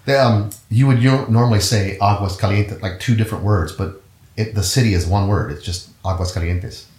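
A man's voice: lowish voice, brisk, darkish tone. A middle-aged man, a musician guest in an interview, telling his story in an easygoing, rambling way and often correcting himself. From United States. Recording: roomy echo.

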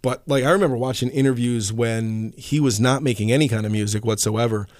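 A man hosting his own podcast in casual chat, rambling and animated, with lots of fillers and the odd curse. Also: medium pitch, brisk, no echo, studio quality. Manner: rambling, animated storyteller with frequent fillers and profanity. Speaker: podcast host.

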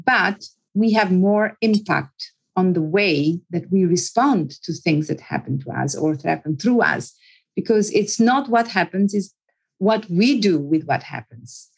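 Earnest husky-voiced woman psychologist. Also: lowish voice, animated, measured pace, rough recording. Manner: earnest, repeats words, often restarts sentences. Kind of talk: interview guest telling a personal story.

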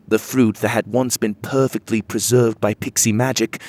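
A man narrating a fairy storybook in the first person, descriptive and lively. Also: lowish voice, moderate pace.

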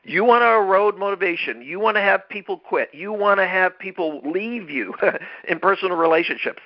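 A man's voice: high-pitched, lively intonation, moderate pace, highs cut off. A man hosting a podcast, giving an emphatic motivational talk on leadership, often repeating and restarting phrases. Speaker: podcast host.

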